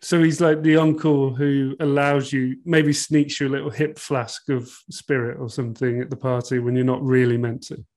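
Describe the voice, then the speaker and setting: A man's voice: mid-range voice, flat delivery, normal speed, hardly any pauses, darkish tone. A man hosting a podcast, asking questions playfully with frequent restarts. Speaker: podcast host. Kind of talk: casual interview chat.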